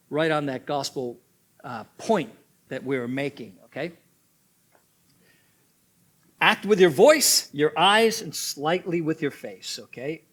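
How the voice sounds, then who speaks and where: A man's voice: fairly high pitch, a bit bright. A man leading a church drama workshop, giving instruction and repeating key points, often checking in with "okay?". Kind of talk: teaching seminar.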